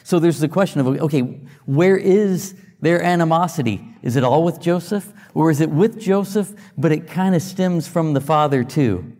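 A man's voice: a little high, dark tone, big-room sound. A man giving a sermon as a pastor, teaching conversationally with rhetorical questions and restarts. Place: church sanctuary.

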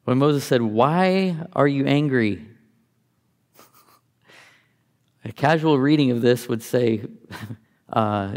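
A man's voice: mid-range voice, animated, drawn-out words, pauses often, a little mellow, big-room sound. A man teaching from the Bible, reading passages aloud and explaining them in a conversational, think-aloud way.

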